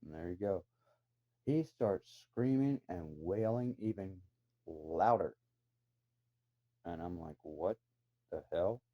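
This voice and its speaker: A man's voice: low-pitched, lively intonation, takes it slowly, long pauses. A man telling a rambling personal story in a casual way. He swears freely and adds incredulous asides. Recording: dull lo-fi recording.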